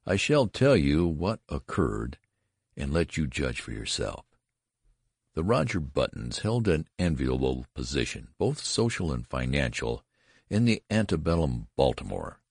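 A man narrating a classic story as an audiobook, with measured, expressive storytelling. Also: extremely low pitch, creaky, slightly rough, no echo, studio quality.

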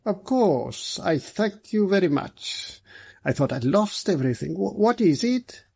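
A man's voice: high-pitched, big pitch swings, a little slow, creaky, a little mellow, breathy edge, voice pushed up, exaggerated voice. A man doing a harsh, metallic-voiced big man. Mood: uneasy. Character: harsh-voiced tall broad man, suddenly terrified. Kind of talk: audiobook character voice.

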